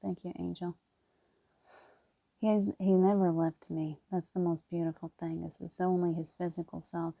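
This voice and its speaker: Woman, low flat voice, dry close sound, casual spiritual talk, tearful and encouraging. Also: vocal fry, no room sound. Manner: rambling, with many restarts. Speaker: spiritual reader.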